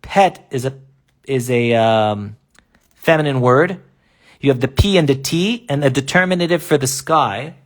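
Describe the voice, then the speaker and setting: A man explaining step by step in a live online lesson, often asking rhetorical questions and pausing to draw. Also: medium pitch. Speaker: teacher. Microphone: laptop or phone mic in a live stream.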